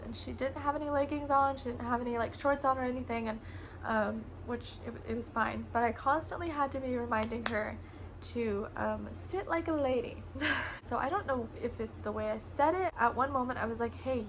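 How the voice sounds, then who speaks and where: A woman's voice: on the high side, fairly quick, a little hiss or hum, rough recording. A young woman who teaches preschool, casually telling classroom stories in a vlog, often laughing. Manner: chatty, laughs often, acts out kids' voices.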